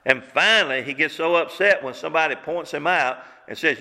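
A man's voice: a little high, brisk, bright, forceful tone. A man preaching a sermon as pastor, using fervent rhetorical questions. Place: church sanctuary. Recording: long church hall reverb.

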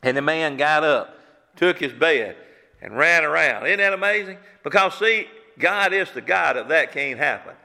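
A middle-aged preacher delivering an emphatic sermon full of rhetorical questions. His gravelly, bright voice sits a little high. It rings through a long hall reverb. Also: lively intonation, moderate pace.

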